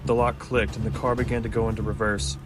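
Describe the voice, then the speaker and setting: Low-voiced man narrating scary stories. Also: level tone, poor audio. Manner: measured, low-key storytelling. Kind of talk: scripted horror story narration. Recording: music clearly behind the voice.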